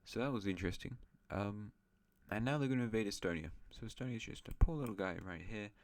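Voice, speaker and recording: Low-voiced man narrating a map series. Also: fast. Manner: rambling, chatty, with self-mocking asides. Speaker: host narrating an alternate-history map series. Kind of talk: casual map-game commentary.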